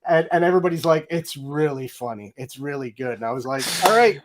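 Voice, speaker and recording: A man's voice: medium pitch, fast, over a noisy crowd. A middle-aged man telling a story with energy in an interview, acting out his own quoted lines. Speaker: guest, game audio director.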